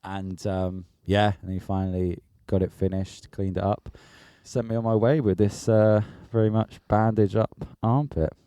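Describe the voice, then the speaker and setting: A man co-hosting a podcast, telling an animated, sweary story in casual chat. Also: lowish voice, normal speed, few pauses, smooth, no room sound. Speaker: podcast co-host.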